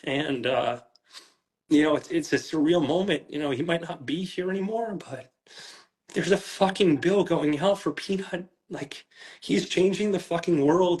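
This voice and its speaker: A man talks through an interview on camera in a fairly high voice. He is upset and near tears, stumbling over his words and starting sentences again, and he swears as he speaks. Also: measured pace, a little mellow. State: close to tears. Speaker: pet owner interviewed about a raid.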